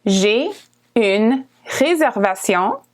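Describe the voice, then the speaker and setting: A woman with a Canadian accent teaching a language lesson, slowly repeating words and often checking in with "okay?". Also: on the high side, animated. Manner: slow, careful repetition of words, frequently asking "okay?". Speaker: French teacher.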